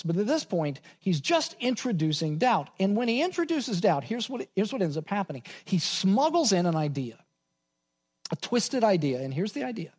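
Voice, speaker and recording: A man preaching a sermon as pastor, repeating key points slowly for emphasis and dropping to quiet asides. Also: high voice.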